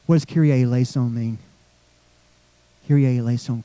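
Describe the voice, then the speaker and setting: Man preaching, mellow and dry. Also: medium pitch, steady tone, normal speed, long pauses, no room sound, poor audio. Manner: conversational preaching, asks the congregation questions. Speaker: pastor. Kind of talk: sermon.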